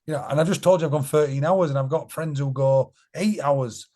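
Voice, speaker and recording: A man's voice: on the high side, a little fast, mellow. A man speaking as a podcast guest in a blunt, earnest, casual way, often repeating phrases for emphasis. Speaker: podcast guest, charity co-founder. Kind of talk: casual conversation.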